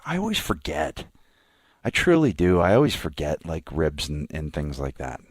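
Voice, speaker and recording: A man with a low voice co-hosts a podcast in easy, casual conversation. He reads out listener questions and chimes in with quick reactions. The recording is dry and close. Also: wildly swooping pitch, husky, dry recording. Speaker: podcast co-host. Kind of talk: casual chat.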